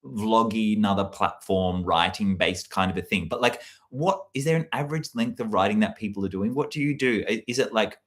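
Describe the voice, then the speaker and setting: A man's voice: on the low side, fairly quick, hardly any pauses, a bit bright. A man hosting a casual livestream into a handheld mic, rambling with restarts while reading chat aloud. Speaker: livestream host. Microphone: handheld microphone.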